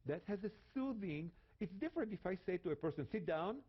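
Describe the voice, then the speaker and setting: An Israeli man with a Hebrew accent explains scripture with dramatic flair, repeating key phrases. His voice sits a little high and leaps up and down in pitch. The recording sounds dull and lo-fi. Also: sing-song, fast, slightly rough. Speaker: guest Bible teacher. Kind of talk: animated Bible teaching.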